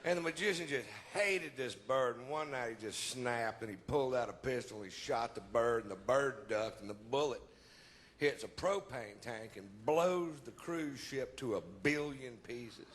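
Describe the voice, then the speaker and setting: A male comedian telling a joke in a rambling, animated way. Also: medium pitch, normal speed.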